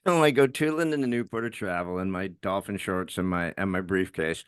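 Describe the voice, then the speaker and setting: A middle-aged man co-hosting a podcast, telling a story in a casual, animated way and laughing often as he talks. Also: deep voice, fairly quick, clean tone, no room sound, clean studio sound. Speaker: podcast co-host.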